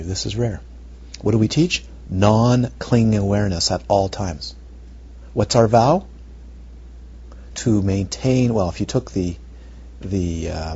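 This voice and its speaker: A male meditation teacher giving a dharma talk, animated and rhetorical, sometimes dropping to near whispers, on a muffled recording. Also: lowish voice, slightly rough. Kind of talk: dharma talk to retreat students. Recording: muffled lo-fi recording with faint noise.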